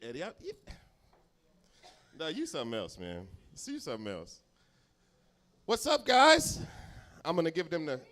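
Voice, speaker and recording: A male stand-up comedian in his forties bantering loosely with the crowd, swearing freely. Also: a little high. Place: small comedy club, live audience.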